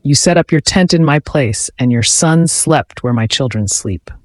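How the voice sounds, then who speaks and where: A man's voice: fairly high pitch, expressive, moderate pace, no room sound, studio quality, close to an everyday voice. A man voicing a hateful, vengeful demon that possesses a boy in a horror story, in a threatening tone.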